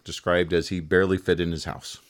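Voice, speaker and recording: Deep-voiced joking storyteller man. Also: brisk. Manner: joking, wry, deadpan asides. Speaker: podcast co-host telling a legend. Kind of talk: casual storytelling chat.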